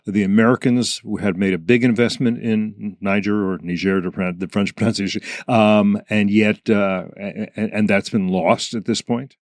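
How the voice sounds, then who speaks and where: A man's voice: fairly low pitch, fairly even intonation, normal speed, few pauses, darkish tone, no room sound, clean studio sound. A man hosting a podcast interview, asking questions in a casual, conversational way with frequent fillers. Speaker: podcast host.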